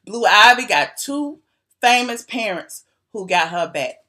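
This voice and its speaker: A woman hosting a gossip commentary channel, talking to her viewers in a sassy, animated, teasing way and laughing often. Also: medium pitch, a little slow. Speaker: YouTube commentary host.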